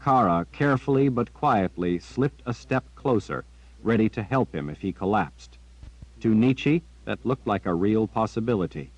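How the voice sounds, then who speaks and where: A man narrating an audiobook in a steady, measured storytelling manner. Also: lowish voice, no room sound. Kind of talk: scripted narration. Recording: dry, dull lo-fi.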